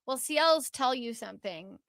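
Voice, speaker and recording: A woman's voice: sits high, normal speed, vocal fry, no echo. A woman hosting a podcast, telling a story in casual chat with lots of fillers and acted-out quotes. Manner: animated, lots of filler words, acts out quotes. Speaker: podcast host.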